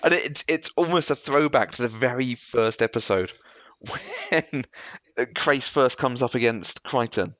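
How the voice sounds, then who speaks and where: A podcast co-host in casual chat, speaking earnestly with soft laughs. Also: mid-range voice, huge pitch swings, unhurried, no room sound.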